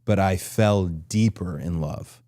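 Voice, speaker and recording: A man's voice: low voice, slow pace, dark tone, no room sound, clean studio sound. A man in his forties hosting a casual interview, rambling and restarting his thoughts. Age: 40s. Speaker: podcast host.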